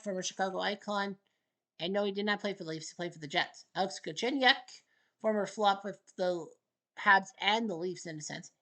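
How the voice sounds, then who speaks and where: A woman casually commentating over a hockey video game she is playing, joking and cheering loudly for her team. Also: medium pitch, rough recording. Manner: excitable, jokey, calls the play and cheers for her team. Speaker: gaming channel host.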